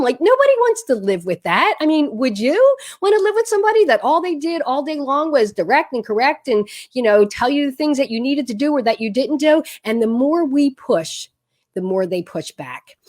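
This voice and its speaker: A woman's voice: a little high, a little mellow. A woman parenting coach giving earnest, conversational advice straight to camera, with frequent fillers and restarts. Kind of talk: direct-to-camera advice talk.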